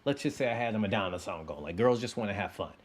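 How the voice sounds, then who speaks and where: A man in his thirties telling a casual personal story to his listeners, animated and playing out his own inner voice. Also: lowish voice, fast talker, breathy edge. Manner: animated, acts out sounds and inner voice. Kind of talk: casual anecdote told to listeners.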